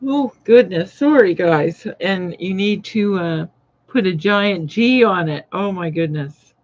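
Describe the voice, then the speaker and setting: Slow chatty woman sewing host. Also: fairly low pitch, lively intonation. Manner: chatty, rambling, greets viewers by name. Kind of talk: casual live-stream chat while sewing. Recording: dull lo-fi live-stream audio.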